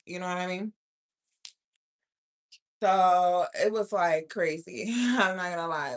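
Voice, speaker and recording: A woman's voice: mid-range voice, slow, pauses often, fairly bright tone. A woman hosting a live stream in casual chat, talking bluntly and profanely to her viewers. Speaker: livestream host.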